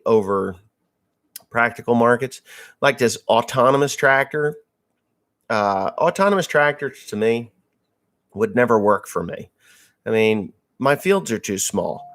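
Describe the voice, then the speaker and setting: A man's voice: medium pitch, animated, a little slow, a bit bright. A man from Massachusetts, a farmer hosting a live stream, chatting casually and bluntly with crude jokes as he answers viewer messages.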